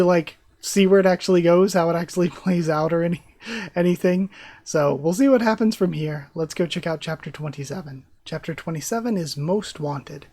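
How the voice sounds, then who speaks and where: A manga reaction streamer reading chapters aloud and reacting live in an excitable, chatty way with frequent laughs. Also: mid-range voice, dry recording.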